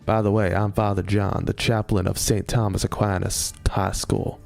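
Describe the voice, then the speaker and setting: Guy doing a big friendly horned monster priest, southern drawl, kinda gravelly. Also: on the low side, flat delivery, normal speed, a little mellow, soft background music. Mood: genial. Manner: genial, pastoral.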